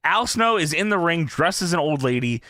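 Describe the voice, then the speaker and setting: A man's voice: fairly high pitch, lively intonation, moderate pace, pushed and bright. A young man in a casual, profane chat, laughing as he retells scenes. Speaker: commentator.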